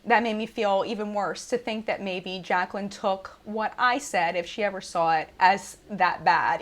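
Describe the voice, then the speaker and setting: A woman in her thirties talks through a live chat while crying. She sounds apologetic and emotional, her mid-pitched voice breaking off into restarts and false starts. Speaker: beauty channel host.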